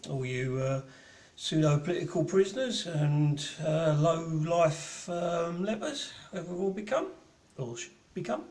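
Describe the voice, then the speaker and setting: A man with a broad Cockney accent hosts an online gallery private view, chatting casually and swearing cheerfully in a live-streamed gallery talk full of ums and restarts. His voice is fairly high, animated, unhurried and a little mellow, with a roomy sound.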